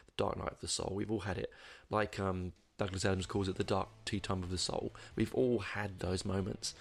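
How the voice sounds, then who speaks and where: A man's voice: low-pitched, flat delivery, moderate pace, creaky. A man giving a casual album review, rambling and hesitant, with lots of ums and restarts. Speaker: music reviewer.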